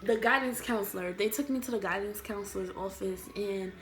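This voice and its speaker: A woman's voice: mid-range voice, fairly quick, a little hiss or hum. Chatty young woman vlogger, echoey room. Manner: rambling, filler-heavy storytelling. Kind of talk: casual storytime.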